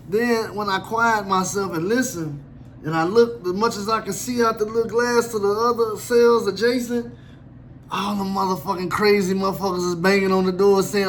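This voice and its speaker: A man telling a true story about himself in a casual, animated and profane way, acting out the other people in it. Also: high-pitched, moderate pace, slight background noise.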